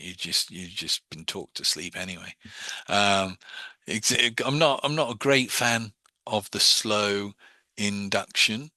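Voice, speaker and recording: A low-pitched man gives a rambling, informal lesson on hypnosis, his voice bright and forceful. He restarts his sentences often and slips into a soft, slow patter when demonstrating. The room sounds dry and close. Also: no echo. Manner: quick, rambling, with many restarts and fillers. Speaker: hypnosis teacher. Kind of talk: informal class lecture.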